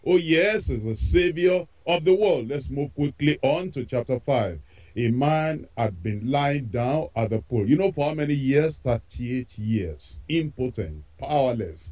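Emphatic male preacher on muffled radio. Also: a little high. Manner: emphatic, repetitive preaching cadence. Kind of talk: sermon.

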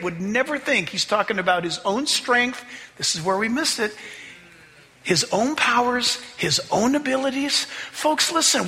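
A man preaches a sermon in a church sanctuary, his voice high and sharply bright. He drags out scripture readings for emphasis and swings his pitch widely as he works the congregation. A long hall reverb hangs on every phrase. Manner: emphatic, slows down to read scripture, mimics voices for illustration. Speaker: pastor.

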